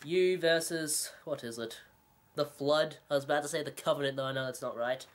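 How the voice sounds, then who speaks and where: Talking a little fast in a mid-range voice, a game collector goes over recent buys in a loose, rambling vlog. The delivery is jokey and sarcastic, full of self-mocking remarks and regular laughs.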